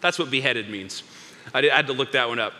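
A man preaching a sermon in an animated way, acting out the figures in the story with big swings in his voice. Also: mid-range voice, fast talker, big-room sound. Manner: animated, acts out biblical characters with big voice swings. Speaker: pastor.

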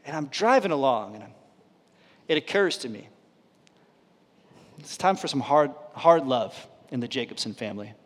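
A man in his thirties preaching a sermon as a pastor, telling a personal story and dropping to a hush for quoted lines. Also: medium pitch, lively intonation, normal speed, long pauses. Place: church auditorium. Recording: reverberant church hall.

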